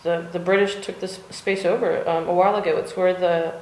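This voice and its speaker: With a fairly low, darkish voice that barely moves in pitch, this American woman talks briskly and rambles in her cold home art studio. The vlogger uses many fillers and now and then swears, and the room is echoey.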